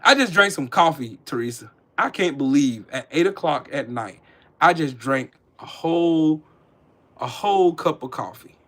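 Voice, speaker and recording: A man on a political commentary livestream delivers a casual, profane rant full of mockery, speaking directly to chat viewers by name. His voice is a little high and fairly bright, animated, at a normal speed.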